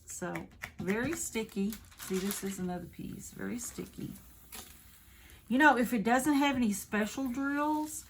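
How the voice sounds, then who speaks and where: Chatty Southern woman, slow unboxing talk. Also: medium pitch, a little hiss or hum. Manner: chatty, rambling, self-correcting. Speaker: craft video host. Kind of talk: casual unboxing chat.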